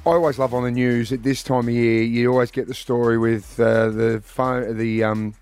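A man's voice: medium pitch, little pitch movement, normal speed, darkish tone, clear, resonant tone, soft background music. A man in his forties with an Australian accent, co-hosting a radio show and telling jokey, blokey stories in casual banter. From Melbourne area, Australia. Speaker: radio co-host.

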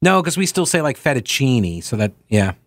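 A man's voice: medium pitch, big pitch swings, moderate pace, no echo. A man hosting a talk radio show, delivering an opinion monologue full of sarcastic, jokey asides.

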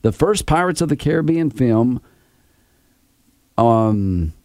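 A man's voice: mid-range voice, animated, takes it slowly, darkish tone, no room sound, studio quality. A man hosting a morning radio show, joking and laughing often in casual banter with his co-hosts.

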